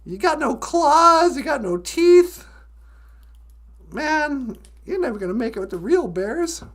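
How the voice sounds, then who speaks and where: A woman voicing a brash, fast-talking male fox. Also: high-pitched, sing-song. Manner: brash, slangy.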